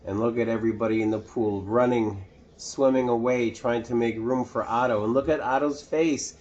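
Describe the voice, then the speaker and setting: A man reading a picture book aloud to children, pausing to ask the listener questions. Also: mid-range voice, steady tone, darkish tone, dull audio. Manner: slow, asks the listener questions. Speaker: children's storytime reader.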